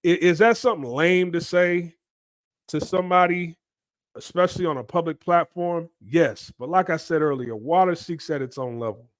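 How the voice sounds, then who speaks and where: A man holds forth on his commentary channel in an emphatic, lecturing way, pausing to ask his listeners "right?". His voice sits a little high for a man. The sound is dry and close. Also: no room sound. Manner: emphatic and preachy, keeps asking "right?". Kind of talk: opinion commentary monologue.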